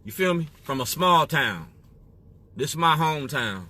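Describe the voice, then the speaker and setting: A man's voice: on the high side, expressive, moderate pace, sharp tone, a little hiss or hum. A man from Illinois speaking straight to camera in an emphatic monologue. He keeps asking "you feel me?". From Waukegan area, Illinois, US. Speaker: activist.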